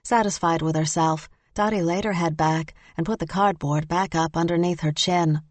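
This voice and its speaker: A woman narrating a first-person audiobook in measured, lightly wry storytelling. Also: on the low side, steady tone, no room sound.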